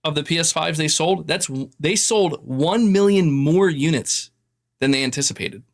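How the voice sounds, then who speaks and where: A man's voice: on the high side, moderate pace. A man in a played clip giving opinionated gaming commentary, earnest and emphatic, lecturing his viewers.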